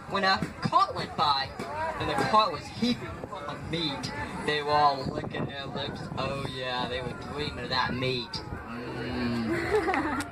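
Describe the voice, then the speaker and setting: A man telling folktales live to an audience, animated and coaxing listeners to join in. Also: a little high. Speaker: storyteller. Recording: echoey hall, faint background noise.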